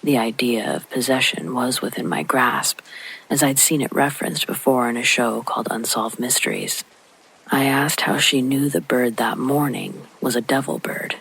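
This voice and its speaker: Male horror narrator, gravelly husky voice, hushed whispery delivery, rain behind. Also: medium pitch, rough recording. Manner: hushed, slow, often breathy and whispery. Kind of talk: scripted narration.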